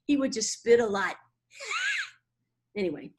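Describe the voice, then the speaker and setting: Animated woman in her 60s, slightly high, playful guest chat. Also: slow. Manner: animated, laughing, slips into voices. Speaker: voice actor, guest. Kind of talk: casual interview chat.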